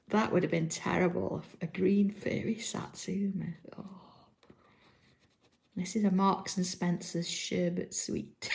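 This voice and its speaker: A woman's voice: medium pitch, gravelly. A woman chatting casually as she draws, reading viewer comments and telling stories, often laughing and dropping to near-whispers for asides. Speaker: crafting livestream host. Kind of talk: casual chat while drawing.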